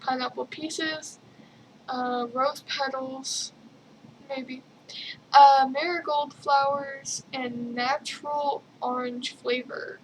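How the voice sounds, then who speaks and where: Young woman, high voice, unhurried, rambling vlog chat, giggly, faint background hiss. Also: fairly even intonation, poor audio. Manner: rambling, giggly, lots of fillers. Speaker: vlogger. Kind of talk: casual video journal.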